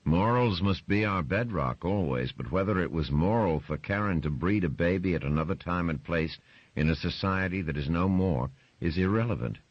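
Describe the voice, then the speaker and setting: A man voicing a stern older patriarch who lays down the law in a firm, measured way, in a dry, slightly muffled recording. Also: sits low, expressive, no echo, voice pushed up.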